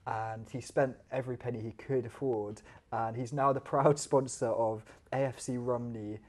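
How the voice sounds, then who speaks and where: A man's voice: mid-range voice, steady tone, normal speed, darkish tone. A man co-hosting a podcast, chatting casually with frequent laughs and fillers. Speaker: podcast co-host. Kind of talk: casual chat.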